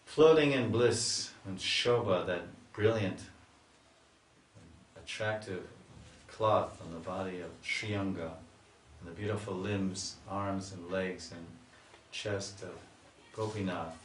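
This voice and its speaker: A man, a swami, telling a devotional story in a slow, lingering sermon style. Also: low voice, steady tone, a little hiss or hum. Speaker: swami giving a spiritual talk. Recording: echoey room, mic far off.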